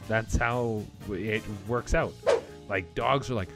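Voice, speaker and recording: A man's voice: fairly low pitch, normal speed, creaky. A man hosting a comedy reaction show, riffing casually with rambling, profane jokes between clips. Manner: rambling, profane, jokey riffs. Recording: music playing behind.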